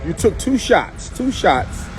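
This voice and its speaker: A man's voice: sits high, big pitch swings, slow, faint music behind, poor audio. A man giving an emphatic, repetitive, preacher-like live video monologue, speaking from in or near a car outdoors. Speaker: activist livestreamer.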